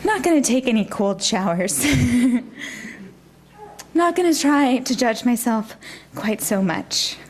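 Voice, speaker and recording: A woman minister preaching a gentle, reflective sermon in a church. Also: a little high, lively intonation, slow, pauses often, a little hiss or hum.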